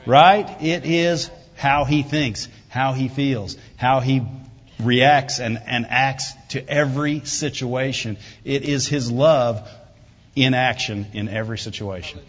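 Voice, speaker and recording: A pastor preaching a sermon in a conversational way, often asking "Right?" and rising loud and high for emphasis before dropping low and quiet. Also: male voice, slow. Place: church hall. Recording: dull reverberant hall recording.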